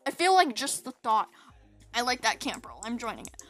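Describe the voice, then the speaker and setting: A woman's voice: fairly high pitch, sing-song, brisk, a bit bright, soft background music. A woman chatting casually over her gameplay, rambling and giggly, sleepy from staying up. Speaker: gaming video host.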